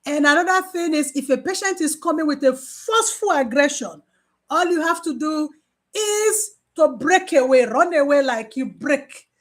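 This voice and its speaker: An animated woman with a high voice, speaking at normal speed, runs a relaxed training talk as a mental health nurse. She dramatizes her dialogues with patients and comes back to key phrases for emphasis.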